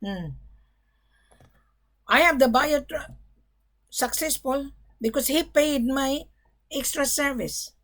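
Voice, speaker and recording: A woman's voice: high voice, slow pace, pauses often, fairly bright tone. A middle-aged woman gold broker talking to camera in a blunt, emphatic monologue, often swearing "bloody".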